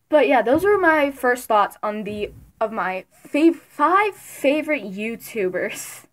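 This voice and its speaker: Giggly fangirl vlogger, young woman, kinda high voice, talks slow, gets loud sometimes. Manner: giggly, excitable, bursts of loud mock quotes. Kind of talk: casual fan commentary.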